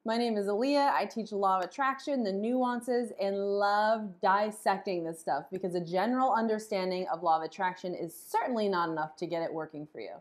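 Expressive woman explaining, casual teaching tone. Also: medium pitch, a little fast, hardly any pauses. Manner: animated, acts out example phrases with shifting voice. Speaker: podcast host and law of attraction teacher.

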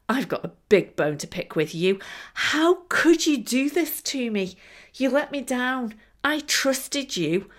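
A woman's voice: lowish voice, lightly acted. A woman voicing a stubborn, furious old man. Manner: defiant, shouting with anger.

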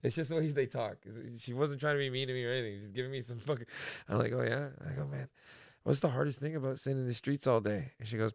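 Gravelly Canadian man telling stories. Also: medium pitch, fast, no echo, clean studio sound. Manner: storytelling, animated, swears freely. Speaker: podcast co-host. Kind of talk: casual podcast chat.

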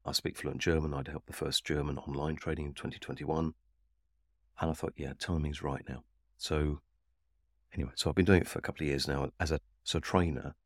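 Very deep-voiced man telling his story. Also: flat delivery, no echo, clean studio sound. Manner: reflective, unhurried storytelling with frequent restarts. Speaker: Havening trainer. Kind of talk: personal story told in an interview.

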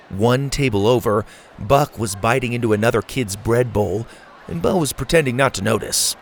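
A man reads a children's adventure story aloud, keeping an even, measured delivery. His voice sits in a middle range. A faint hiss lies under the recording. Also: medium pitch.

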